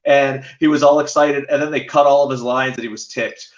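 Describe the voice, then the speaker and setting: A man's voice: medium pitch, fairly even intonation, brisk, echoey room, lo-fi sound. A man, a podcast guest, rambling through casual stories with many fillers and restarts. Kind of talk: casual storytelling chat.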